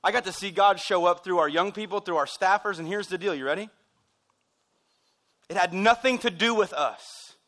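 A man preaching a sermon in a church. He is excitable and wired, and he throws in joking asides. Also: sits high, moderate pace. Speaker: pastor.

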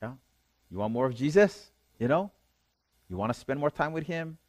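A man's voice: mid-range voice, lively intonation, normal speed, no echo. A man preaching a sermon, reading scripture aloud and explaining it, often checking in with his listeners. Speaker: pastor.

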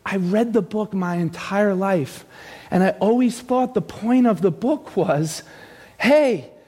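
A man preaching a lively sermon who often shouts, drops suddenly to a hush, and throws questions at the congregation. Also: high-pitched, a little slow, breathy edge. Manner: animated preaching, often shouting, sudden swings from loud to hushed; speaks to the congregation with direct questions. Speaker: pastor.

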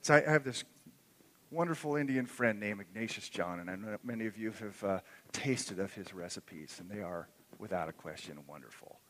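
A man preaching a sermon in earnest, swelling loud on key phrases and then dropping soft. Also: lowish voice, moderate pace, a little hiss or hum. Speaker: pastor. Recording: long echo of a hall.

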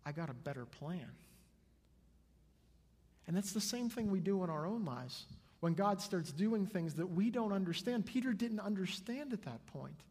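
A man preaching from the front of a church, his slightly high voice carrying a husky grain. He tells his stories with animation and acts out the people in them, and a long reverb hangs behind every line as it fills the hall. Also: moderate pace, few pauses. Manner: lively storytelling, acts out the people in his anecdotes. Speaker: pastor. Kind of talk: sermon. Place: church sanctuary before a congregation.

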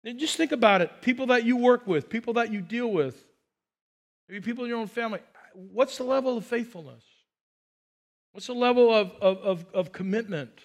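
Brief: male pastor, very high voice, emphatic sermon with call-and-response. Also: normal speed.

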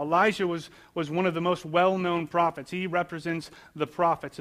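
Male pastor, a bit higher-pitched than most men, chatty sermon delivery that stacks up repeated phrases. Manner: conversational, asks questions and answers them.

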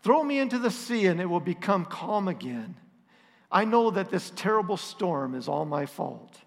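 A man's voice: high-pitched, sing-song, moderate pace, gravelly, heavily acted. A man voicing a grim, resigned prophet who states firmly who he is and asks to be thrown into the sea. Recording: long reverb.

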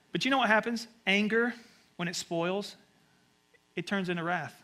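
A man with a Southern US accent, preaching a conversational sermon with sudden animated asides. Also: high voice, quick pace. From American South. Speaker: pastor.

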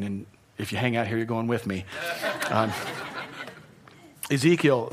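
A man preaching a sermon in a church, earnest, repeating phrases for emphasis and swinging from soft to loud. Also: mid-range voice. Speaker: pastor. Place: church hall.

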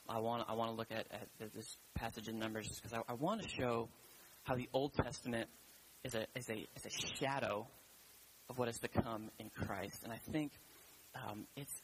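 Lockerer männlicher Prediger, stockend und plaudernd, Kirche, leises Zischen im Hintergrund. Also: male voice, medium pitch, a little hiss or hum, low-quality recording. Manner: casual, rambling, many fillers and restarts. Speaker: preacher. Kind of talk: sermon. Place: church.

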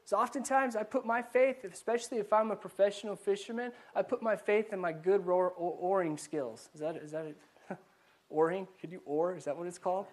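Man preaching to a congregation, fairly high voice, animated, repeats his words, asks the room questions. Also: a little fast. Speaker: pastor. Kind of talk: conversational sermon. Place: church before a live congregation.

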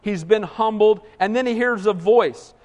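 A man preaching a sermon in a church, animated, with frequent call-and-response. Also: sits high, unhurried, highs cut off. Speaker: pastor. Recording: long hall reverb.

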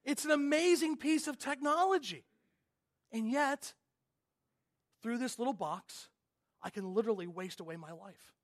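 A man preaching a sermon as a pastor, earnest, moving from loud emphasis to quiet intensity. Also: extremely high pitch, normal speed, pauses often.

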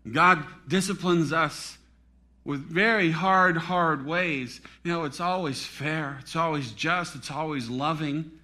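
A middle-aged male pastor preaches a sermon in a fairly high voice at a slow pace, swinging between loud, dramatic peaks and hushed drops that are nearly whispers.

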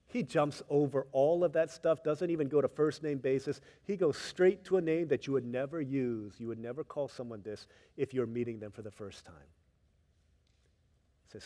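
A man preaching a sermon, telling stories with voices, swinging from hushed tender passages to loud emphatic ones. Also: mid-range voice, normal speed, long reverb tail. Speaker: pastor.

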